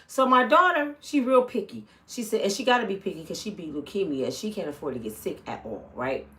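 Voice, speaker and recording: A middle-aged woman vlogging a personal story to her viewers, animated, swinging from loud to hushed and acting out the people she quotes. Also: medium pitch, a little fast.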